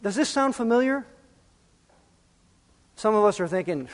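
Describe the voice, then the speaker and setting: A man's voice: high voice, expressive, moderate pace, big-room sound. A man preaching a sermon as pastor, emphatic and full of rhetorical questions.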